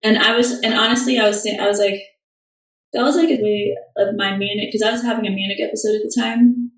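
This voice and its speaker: A woman's voice: medium pitch, fairly even intonation, fast talker, distant mic. A young woman chatting casually on a livestream, answering fan questions with lots of fillers and restarts. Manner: chatty, rambling, many fillers. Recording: echoey room, off-mic.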